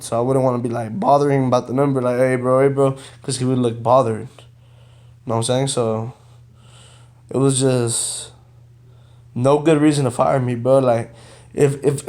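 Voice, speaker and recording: Young adult man, casual vlog storyteller, animated retelling with slangy asides. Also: medium pitch. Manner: animated retelling, quotes others, frequent "bro" and "you know". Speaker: vlogger telling a personal story.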